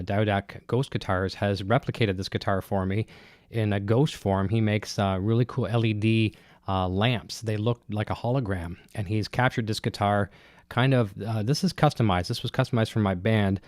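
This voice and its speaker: A man's voice: fairly low pitch, darkish tone, no room sound. A man with a cold, breathing heavily, hosting a guitar gear livestream from his home studio and chatting loosely with lots of fillers. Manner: rambling, many fillers and restarts. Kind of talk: casual live-stream chat, reading viewer comments. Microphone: dynamic broadcast mic close up.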